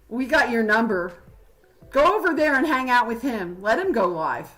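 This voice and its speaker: A woman's voice: on the high side, big pitch swings, normal speed, a bit bright, soft background music, low-quality recording. Agitated woman ranting on a livestream. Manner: agitated, confrontational, rambling with fillers. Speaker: livestream host. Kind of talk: heated livestream rant.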